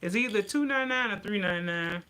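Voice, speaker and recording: A woman vlogger chatting casually to her viewers, animated and given to ranting. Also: mid-range voice, very fast, smooth. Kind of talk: casual chat to camera.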